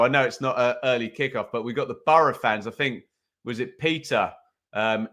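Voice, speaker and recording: A man hosts a live football watch-along from a home streaming setup, talking into a desk microphone. His voice is bright and forward, and his pitch sits in a middle range. He chats loosely, reads out viewer comments and drifts into casual play-by-play.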